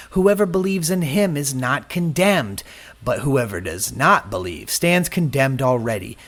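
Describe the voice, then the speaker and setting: Animated male preacher with lively pitch. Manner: personal testimony, acts out quoted voices. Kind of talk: sermon.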